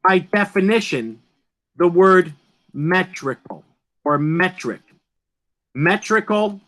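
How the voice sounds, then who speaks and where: Male teacher, high voice, unhurried delivery, emphatic, questions the class often. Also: fairly bright tone. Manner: emphatic, asks students questions. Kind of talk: online class lecture.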